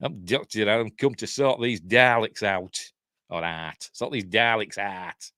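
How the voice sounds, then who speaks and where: A man's voice: lowish voice, measured pace, sharp tone, dry recording, clean studio sound. The Doctor, a man putting on a broad Yorkshire. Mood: jokey. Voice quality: broad, jokey.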